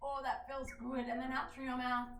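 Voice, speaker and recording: A woman leading a children's yoga lesson in a gentle, coaxing way, asking the kids questions as she guides them. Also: high-pitched, level tone, moderate pace, slight background noise. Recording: roomy sound from a distant mic.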